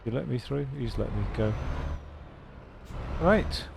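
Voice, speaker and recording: A man's voice: medium pitch, expressive, slow pace, vocal fry, background noise. A man rambling casually as he streams a truck-driving game, with self-mocking asides. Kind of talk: casual live-stream commentary.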